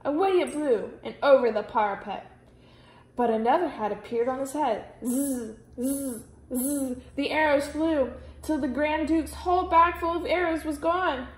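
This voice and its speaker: A woman reading a children's story aloud, with expressive storytelling. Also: sits high, unhurried. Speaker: reader. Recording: roomy echo.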